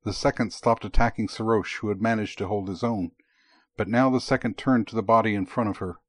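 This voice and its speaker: Low-voiced man narrating an audiobook. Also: fairly even intonation, fairly quick, no echo.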